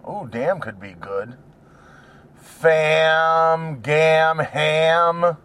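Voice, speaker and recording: A man's voice: on the high side, drawn-out words, a bit bright, clean tone. A man rambling and singing made-up song lines to himself while driving, in a goofy, self-mocking way. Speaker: vlogger. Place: inside a car.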